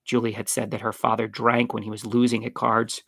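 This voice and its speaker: A man reading a children's novel aloud with expressive storytelling. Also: lowish voice, fairly quick, creaky, no echo, clean studio sound. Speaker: narrator. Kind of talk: audiobook reading.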